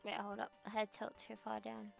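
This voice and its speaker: Gravelly woman ranting on stream. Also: mid-range voice, monotone, moderate pace, soft background music. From Australia. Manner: rambling, profane, ranting. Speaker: VTuber streamer. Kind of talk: casual livestream chat. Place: home computer desk.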